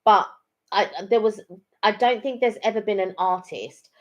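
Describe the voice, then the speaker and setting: A middle-aged woman co-hosting a live chat stream tells stories in a rambling, casual way, full of ums and restarts. Her voice is mid-range and she speaks at normal speed.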